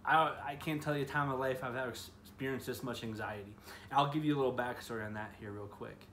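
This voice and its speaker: A young man in his 20s from the Chicago area, US, works as a youth ministry speaker and gives a casual devotional talk to students about faith. He's earnest and chatty, his speech full of "you know" and "like," delivered fast in a medium-pitched, slightly bright voice. A faint hiss sits behind him.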